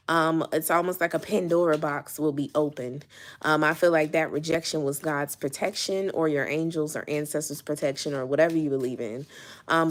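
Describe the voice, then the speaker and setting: A woman's voice: low-pitched, a little hiss or hum. A young woman giving a casual tarot reading, chatty and full of ums and okays, a little out of breath. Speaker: tarot reader.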